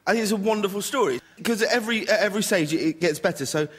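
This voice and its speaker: A man's voice: sits high, rapid-fire, a bit bright, slightly rough. A man as a guest on a radio comedy panel show, telling anecdotes animatedly with bursts of laughter.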